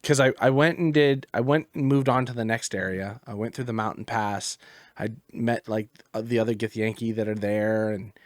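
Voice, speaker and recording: A man's voice: lowish voice, fairly even intonation, normal speed, no echo, clean studio sound. A man hosting a gaming podcast, telling a rambling, profane story about his game in casual chat. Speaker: podcast host.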